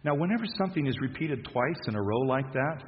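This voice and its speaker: A man's voice: medium pitch, expressive, muffled recording. Man preaching in an echoey church. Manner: conversational, halting with restarts and soft laughs. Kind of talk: sermon.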